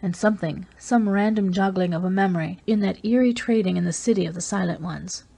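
A woman reading an audiobook, narrating a first-person story in a steady, even way. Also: medium pitch, a little fast, vocal fry, husky. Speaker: audiobook reader.

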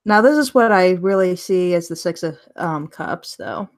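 Woman tarot reader, chatty live-stream deck review, laughs easily, warm enthusiasm. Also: on the low side, expressive, moderate pace. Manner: chatty, laughs often, gushing over the cards.

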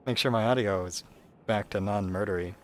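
A man's voice: on the low side, fairly quick. A man giving casual, sarcastic, rambling commentary while playing a video game. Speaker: let's play host.

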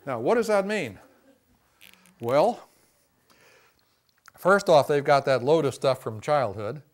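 A man teaching a class on communication and boundaries, talking conversationally with many "you know" and "see" asides, and now and then acting out quoted voices with sudden loud bursts. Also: on the high side. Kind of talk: classroom lecture.

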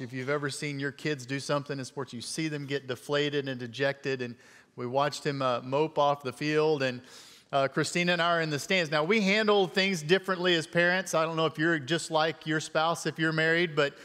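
A middle-aged man gives a storytelling sermon as a guest speaker, chatty and folksy with plenty of fillers. His voice sits a little high for a man. The sound carries a long reverb from the church sanctuary. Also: a bit bright. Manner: conversational, with many fillers and folksy asides.

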